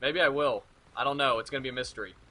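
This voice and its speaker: A man's voice: medium pitch, rapid-fire, pushed and bright. A young man in his late teens giving a rambling, profane, jokey commentary over gameplay. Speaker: gaming video commentator.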